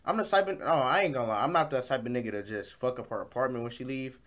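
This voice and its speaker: A man hosting a reaction video, giving loud, incredulous, slang-heavy commentary and repeating "bro". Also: medium pitch, quick pace. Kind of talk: profane comic reaction commentary.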